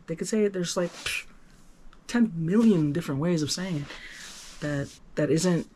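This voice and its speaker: A man talking candidly to the camera in a personal vlog, earnest and rambling, with many restarts and sudden swings from soft to emphatic. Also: fairly high pitch, a little slow, a little hiss or hum. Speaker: vlogger.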